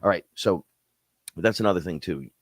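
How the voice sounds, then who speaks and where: Deep-voiced man rambling in casual talk. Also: moderate pace, no echo. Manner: rambling storyteller, swears freely, acts out other people in high voices. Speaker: podcast co-host. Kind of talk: casual live-stream chat.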